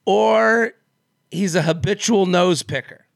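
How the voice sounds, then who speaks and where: High-voiced gravelly man joking around. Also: no echo, clean studio sound. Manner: jokey, rambling, quick asides. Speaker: podcast co-host. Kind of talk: casual comedic chat.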